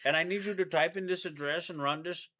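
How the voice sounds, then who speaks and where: A man's voice: on the high side, fairly even intonation, quick pace, sharp tone, voice pushed up. A man voicing a scam tech-support caller with a put-on Indian English accent, pleading and over-reassuring. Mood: wheedling.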